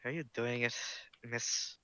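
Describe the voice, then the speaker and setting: A man voicing a big, polite male superhero in a tabletop game, speaking with earnest, halting concern. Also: medium pitch, fairly even intonation, bright, forceful tone, clean tone, no room sound.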